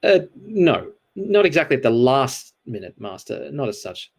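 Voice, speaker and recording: A man voicing an anxious old male servant in a read-aloud storybook scene, with a higher, pinched delivery. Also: very animated, moderate pace, creaky, breathy edge, full character voice.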